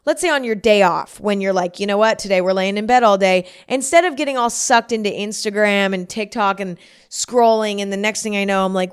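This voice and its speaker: A woman's voice: medium pitch, normal speed, clean tone. A young woman hosting a podcast alone, chatting casually and rambling, mocking herself and acting out her own inner voices. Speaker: podcast host. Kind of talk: casual solo podcast chat.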